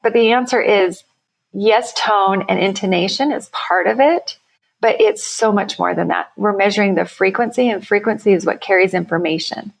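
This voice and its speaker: A woman speaks with a gravelly, fry-laden edge in a mid-range voice. She is a company founder talking on a podcast interview, explaining her ideas with enthusiasm and the odd restart. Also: mid-range voice, normal speed. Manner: enthusiastic, explanatory, self-correcting.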